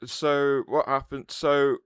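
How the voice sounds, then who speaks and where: A man's voice: medium pitch, little pitch movement, slow pace, fairly bright tone, smooth, no echo. A man hosting a casual livestream, rambling, restarting his sentences and answering chat messages aloud.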